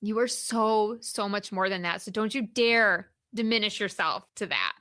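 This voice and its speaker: Bright-voiced, upbeat woman coach. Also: mid-range voice, dry recording, studio quality. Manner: encouraging, emphatic, slows down to stress points. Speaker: podcast host and career coach. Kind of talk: solo motivational podcast.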